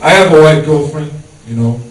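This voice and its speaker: A man's voice: on the high side, normal speed. A man performing a stand-up comedy set, telling stories loosely with lots of fillers. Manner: loose storytelling with many fillers. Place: comedy show venue with audience. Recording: echoey room, mic far off, crowd. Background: audience laughter.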